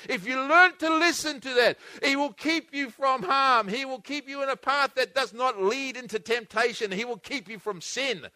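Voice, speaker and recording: A man preaching a sermon, earnestly and repetitively, swinging between loud emphatic bursts and hushed, intimate passages. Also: very high-pitched, animated, moderate pace, few pauses, no echo, clean studio sound. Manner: repetitive, earnest, with frequent restarts.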